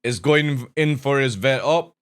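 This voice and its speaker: A male streamer chats casually with his viewers at a mid-range pitch. He rambles from thought to thought and laughs easily at his own remarks. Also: measured pace, a bit bright, smooth. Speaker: streamer and show host. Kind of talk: casual live stream chat.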